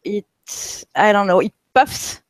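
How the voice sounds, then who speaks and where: Woman guest, hesitant and halting in casual chat; dry close mic. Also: medium pitch, lively intonation, no echo. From France. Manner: halting, many restarts and fillers.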